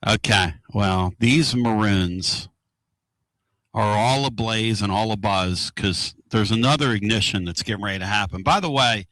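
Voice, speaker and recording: A man hosting a casual radio talk show from inside a moving car, excitable and rambling. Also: fairly low pitch, unhurried, no room sound. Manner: excitable, rambling and loud-mouthed.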